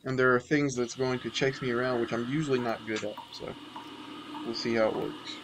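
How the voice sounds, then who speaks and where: A young man talks through his gameplay in a chatty, self-deprecating way. His voice sits in a middle pitch. Faint noise lies underneath. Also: steady tone, brisk. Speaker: let's play host. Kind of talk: casual gameplay commentary.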